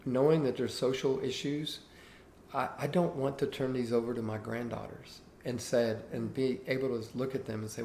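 A man's voice: mid-range voice, normal speed. A man in his sixties, originally from Cuba and with no accent, earnestly telling stories from his life as an interview guest. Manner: earnest, animated anecdote telling. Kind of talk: interview storytelling. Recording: roomy echo with faint background hiss.

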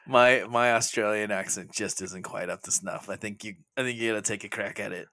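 A man's voice: fairly low pitch, fairly even intonation, fairly quick, sharp tone, dry recording. A man co-hosting a casual movie podcast, chatty and laughing often, with frequent hesitant restarts. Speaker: podcast co-host.

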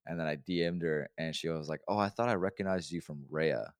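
A young man co-hosting a podcast, telling stories fast and swearing a lot in casual chat. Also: a bass voice, clean tone, dry recording, clean studio sound. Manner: fast-talking, swears a lot, animated storytelling. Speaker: podcast co-host.

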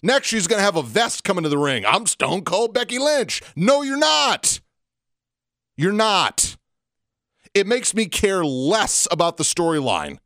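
A man co-hosting a wrestling podcast, ranting emphatically and slowing down to hammer his points home. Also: high-pitched, very animated, fairly bright tone, no room sound, studio quality. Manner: emphatic, slows down to stress points. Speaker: podcast co-host. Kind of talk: casual wrestling podcast rant.

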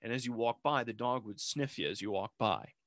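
Male podcast co-host, loose rambling storyteller, average pitch, dry close sound. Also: brisk, fairly bright tone, no echo. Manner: rambling storyteller, acts out quotes. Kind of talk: casual chat.

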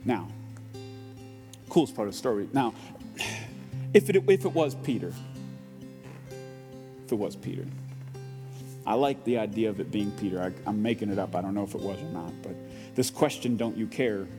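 A man's voice: lowish voice, moderate pace, long pauses. A man preaching a sermon in a casual, conversational way, acting out the lines of the people in the story. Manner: conversational, animated, acts out quotes. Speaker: pastor. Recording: reverberant hall with faint music.

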